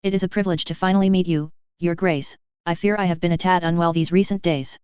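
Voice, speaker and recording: A woman's voice: fairly low pitch, steady tone, fast, a little mellow, clean tone, dry recording, close to an everyday voice. A woman voicing a haughty, scheming noblewoman with a patronizing, smirking manner, in a dull, dry lo-fi recording.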